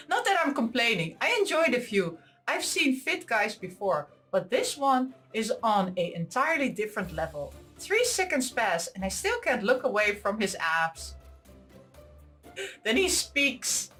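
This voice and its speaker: A woman reading a visual novel aloud, with giggly, excitable asides between the lines. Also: a little high, measured pace, soft background music. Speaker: visual novel let's player. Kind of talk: reading a game aloud with reactions.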